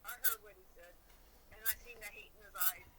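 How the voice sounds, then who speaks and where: A woman giving quiet, short answers as a mother being questioned. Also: medium pitch, steady tone, fairly quick. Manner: quiet, terse replies. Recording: distant voice under loud noise.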